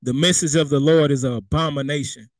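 A young man preaching in a lively, conversational way, mixing scripture with casual street talk and little acted-out voices. His voice sits a bit high for a man. The recording is close and dry, with no room sound. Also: a little fast, dry recording. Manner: conversational preaching with vernacular asides and quoted voices. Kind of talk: sermon.

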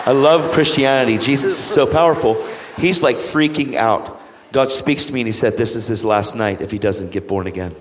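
Man, evangelist, lively storytelling, acts out quotes, average pitch, long hall reverb. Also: normal speed, a little hiss or hum. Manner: animated, acts out quoted voices. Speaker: evangelist guest. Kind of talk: storytelling testimony.

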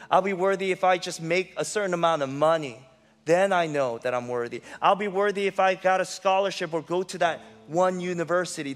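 A man preaching a sermon in a large church hall, his slightly raised voice ringing with a long reverb. He presses hard on his points, then drops to a hushed intensity. Soft music plays underneath. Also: a little high. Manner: impassioned, swinging between loud emphasis and hushed intensity. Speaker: pastor.

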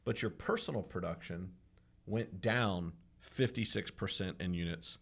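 Upbeat low-voiced male podcast host. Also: a little slow, vocal fry, fairly bright tone. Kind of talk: casual podcast conversation.

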